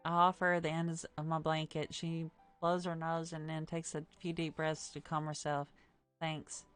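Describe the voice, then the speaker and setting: A woman with a slightly low voice reads a story game aloud on stream. She narrates plainly and steadily, with faint music under her. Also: level tone, moderate pace. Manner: plain storytelling read, with wry asides.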